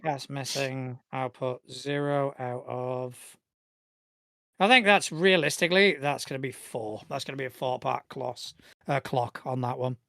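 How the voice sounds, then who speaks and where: A man's voice: medium pitch, measured pace, creaky, a bit bright, no room sound. A man narrating as game master of a tabletop game, describing scenes in a rambling, easygoing way with many fillers.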